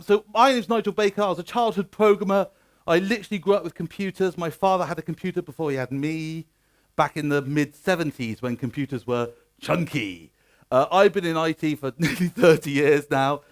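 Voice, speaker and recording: Lively Bristol-accented man on stage. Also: fairly high pitch. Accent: West Country English (Bristol). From Bristol, West Country of England. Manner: jokey, self-mocking, energetic. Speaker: conference speaker, agile coach. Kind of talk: lively conference talk with audience call-and-response. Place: conference stage before a live audience.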